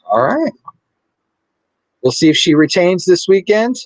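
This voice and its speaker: A man's voice: high-pitched, sing-song, a little slow, dry recording, rough recording. A man co-hosting a podcast, chatting casually and playfully, sometimes stumbling over names. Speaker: podcast co-host. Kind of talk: casual sports chat.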